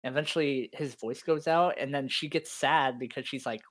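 A young man on a casual podcast who tells animated stories. He laughs often between his lines. His voice sits at an ordinary middle pitch. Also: brisk, few pauses. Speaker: podcast co-host. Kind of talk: casual chat.

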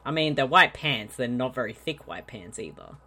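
Husky-voiced man with dry, sarcastic quips. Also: mid-range voice, expressive, normal speed, bright, forceful tone. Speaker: podcast co-host. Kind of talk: casual movie commentary chat.

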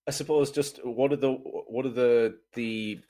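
A man's voice: medium pitch, fairly even intonation, measured pace, warm tone. A man co-hosting a casual podcast, joking and self-deprecating, often restarting his sentences. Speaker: podcast co-host. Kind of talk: casual chat.

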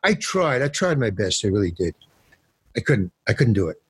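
A man's voice: fairly low pitch, moderate pace, slightly rough. An older man, a guest actor, telling a casual anecdote and acting out other people's lines, with some swearing and slang. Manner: animated storyteller, acts out other people's lines.

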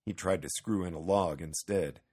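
A man narrating a children's storybook in an expressive, storytelling way. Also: low voice, moderate pace, slightly rough.

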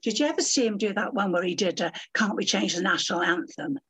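Older woman, husky voice, pitch swooping all over, theatrical storyteller, says dear a lot. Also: animated, fast talker, a bit bright. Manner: theatrical, calls people dear and my love. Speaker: guest. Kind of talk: chatty interview anecdotes.

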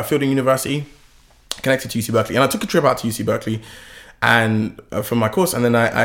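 A young man telling his founder story in a casual interview, animated and laughing often. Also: creaky. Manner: animated, laughs often, lively pitch swings.

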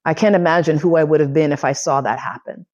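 A woman's voice: sits low, fairly even intonation, quick pace, a little mellow, dull audio. A woman in her forties giving a personal storytelling lecture, candid, profane and emotionally charged. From United States. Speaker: lecturer and podcast host.

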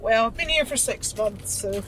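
A woman from Scotland, a passenger chatting casually and warmly, with a self-deprecating edge. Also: fairly high pitch, expressive, moderate pace, crowd noise, poor audio. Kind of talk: casual chat. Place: inside a car. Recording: car recording with road noise.

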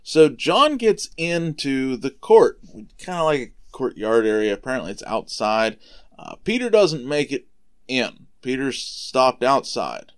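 A man hosting a podcast, casually retelling a Bible story for children, relaxed and conversational, explaining things simply. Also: mid-range voice, a little slow, smooth. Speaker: podcast host retelling Bible stories for kids.

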